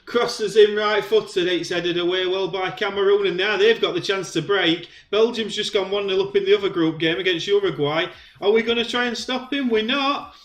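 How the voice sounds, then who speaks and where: A man giving excited play-by-play commentary on a football video game, shouting when goals go in. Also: high voice, normal speed, few pauses, reverberant. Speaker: gaming commentator.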